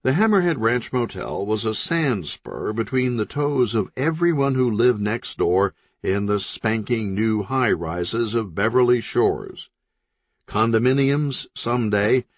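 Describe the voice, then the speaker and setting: Low-voiced guy reading an audiobook, deadpan and steady, super dry sound. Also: unhurried, dry recording. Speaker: audiobook narrator. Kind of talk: scripted narration.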